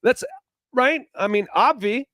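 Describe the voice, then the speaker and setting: Animated man with a lively voice. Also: extremely high pitch, a little slow, dry recording, clean studio sound. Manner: animated, mimics others in put-on voices. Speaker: podcast co-host. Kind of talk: casual sports chat.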